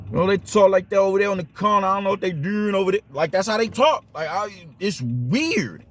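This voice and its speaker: A man's voice: sits high, lively intonation, a little fast. A man giving a casual opinion monologue on boxing, emphatic and repetitive, with streetwise slang. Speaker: boxing commentator.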